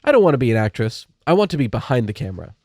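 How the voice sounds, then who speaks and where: A man reading an audiobook voices a popular teenage girl in a higher, girlish tone. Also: big pitch swings, racing, a little mellow, dry recording, clean studio sound. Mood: confident.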